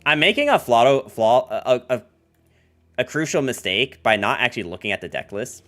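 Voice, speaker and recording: A man's voice: mid-range voice, very animated, moderate pace, a bit bright, faint music behind. A man streaming a card game, chatting casually with viewers, full of fillers like "like" and "um" and joking asides. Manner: rambling, filler-heavy, jokey asides to chat. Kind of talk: casual livestream chat while playing a card game.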